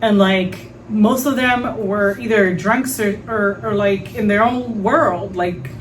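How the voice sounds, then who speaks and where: A woman hosting a podcast, telling a story in a frank, animated way, with lots of fillers and some swearing. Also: mid-range voice, slow, distant mic, a little hiss or hum, rough recording. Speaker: podcast host. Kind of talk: casual storytelling monologue.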